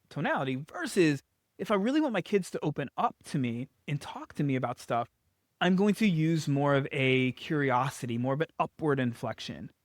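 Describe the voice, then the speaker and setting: Casual, slightly high-voiced man coaching on camera. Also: no room sound, studio quality. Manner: conversational, frequent fillers and restarts. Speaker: business coach. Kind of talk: casual talking-head advice video.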